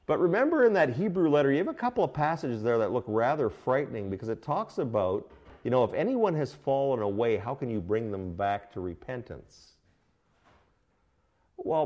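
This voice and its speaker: A middle-aged male pastor preaching an expository sermon, questioning his congregation and swinging between emphatic bursts and quiet asides. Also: medium pitch, dull audio. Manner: animated teaching, asks the congregation questions. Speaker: pastor teaching a Bible study.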